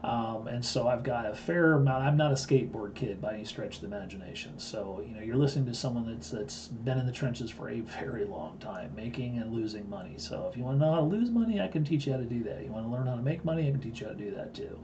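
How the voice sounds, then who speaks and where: A man in his fifties with a gravelly, dark voice that sounds rough at the edges. He talks to his live-stream viewers in a blunt, boastful way, full of asides and restarts, and the audio has a dull, lo-fi quality. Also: medium pitch, animated, fast, hardly any pauses, slight background noise. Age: 50s. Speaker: live-stream host and trading teacher. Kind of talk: casual live-stream storytelling.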